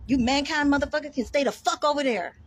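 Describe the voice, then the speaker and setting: This woman's high, fast voice carries a profane, defiant rant aimed at the camera. She's combative and emphatic, swearing heavily and repeating words to drive her point home.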